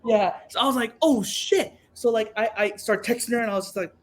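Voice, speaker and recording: A middle-aged man co-hosting a podcast, telling a dating story in casual chat and acting out the quotes. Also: fast talker. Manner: animated, acts out quotes with swooping pitch. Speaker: podcast co-host.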